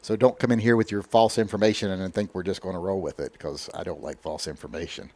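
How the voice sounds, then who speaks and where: A man's voice: low-pitched, steady tone, fast talker, a little mellow. A man hosting a casual livestream chat, answering viewer comments in a blunt, opinionated, lecturing way. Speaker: livestream host.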